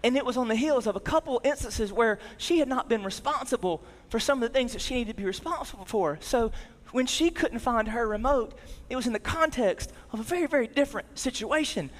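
This sermon comes from a male pastor in his thirties whose voice is high for a man, speaking fairly quickly with few pauses. He tells his story with energetic peaks and quiet, low dips, heard through the extended reverb of a large hall.

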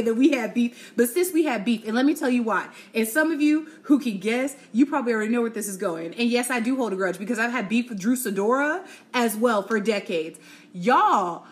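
A young woman with a fairly high voice chats alone on her podcast. She is animated and gossipy, and laughs often. She drops slang like y'all, sis and child as she goes. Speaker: podcast host. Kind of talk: casual solo podcast chat.

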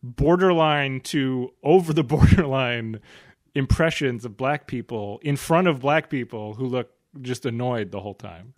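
A man's voice: mid-range voice, unhurried, no room sound, clean studio sound. A man co-hosting a podcast in casual chat, wry and rambling, often breaking off mid-sentence. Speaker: podcast co-host.

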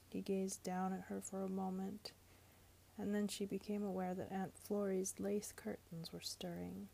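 A woman narrating a novel aloud in a measured, even storytelling manner. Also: mid-range voice, gravelly, slight background noise. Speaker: audiobook narrator. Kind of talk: storybook reading.

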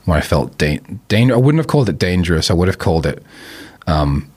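Deep husky man, reflective. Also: sing-song, a little fast, a little mellow. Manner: reflective, rambling with restarts; laughs easily. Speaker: podcast guest. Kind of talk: casual conversation.

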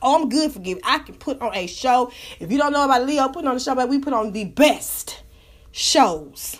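A woman with a slightly high voice hosts a casual live talk room. She rants and tells stories bluntly and with lots of profanity. Her delivery swings between low muttering asides and sudden loud, excited outbursts. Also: moderate pace. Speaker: live audio room host. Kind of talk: casual storytelling rant.

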